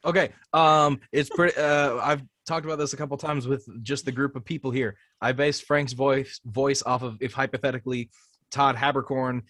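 A man explains in an easygoing, relaxed way during a casual group call. His voice is mid-pitched and close-miked with a dry sound. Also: moderate pace, dry recording. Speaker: voice actor.

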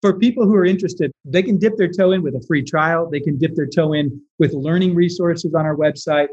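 A man's voice: a little high, fairly quick, darkish tone, breathy edge. Earnest male guest on dull lo-fi audio. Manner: earnest, explanatory, repeats words when starting sentences. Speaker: interview guest, business software founder. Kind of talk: conversational interview.

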